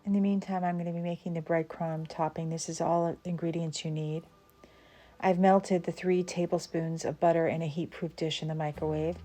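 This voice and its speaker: A woman's voice: fairly low pitch, level tone, fairly quick, dark tone. A woman from the Southern United States hosting a cooking channel, chatting casually through a recipe with fillers and small laughs. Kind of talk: casual cooking demonstration voice-over.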